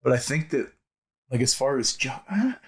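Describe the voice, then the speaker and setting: A man's voice: medium pitch, lively intonation. A man co-hosting a podcast, chatting casually and laughing easily along with his partner. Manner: easygoing listener, quick to laugh. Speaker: podcast co-host. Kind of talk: casual chat. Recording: studio recording of modest quality.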